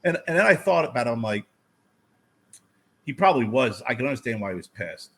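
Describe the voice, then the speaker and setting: A man with a husky, breathy voice at an ordinary pitch, co-hosting a podcast in relaxed conversation. He tells profane stories and acts out his own past lines. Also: fairly quick. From United States. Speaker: podcast co-host. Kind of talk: casual chat.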